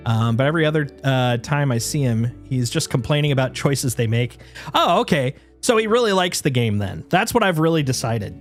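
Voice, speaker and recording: Man, casual stream chat, rambling, average pitch, quiet background music. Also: lively intonation, brisk. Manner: rambling, lots of fillers and restarts; baby-talk to his dog. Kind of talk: casual chat while gaming.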